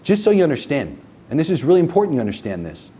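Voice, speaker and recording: A man presenting a live sales-and-marketing seminar to a room of business owners, with a raised, lively pitch that jumps around a lot. He talks bluntly and swears freely, constantly checking in with the crowd. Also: racing. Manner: profane, emphatic, asks the audience constant checking questions.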